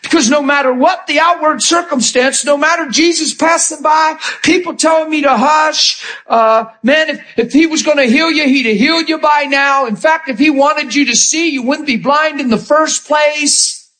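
High-pitched impassioned male preacher. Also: normal speed. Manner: impassioned storytelling, acting out scenes, often shouting. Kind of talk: sermon.

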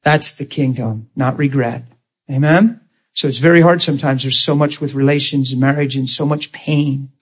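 A man's voice: mid-range voice, fairly even intonation, moderate pace, husky. A man preaching a sermon in a folksy storytelling way, acting out the voices of people in his stories.

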